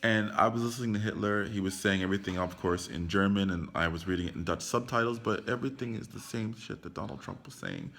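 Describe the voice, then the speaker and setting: A man's voice: on the low side, animated, quick pace, vocal fry, few pauses, a bit bright. A young man talking casually into his phone camera about a film, rambling, leaning on "like" and swearing freely. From United States. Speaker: vlogger.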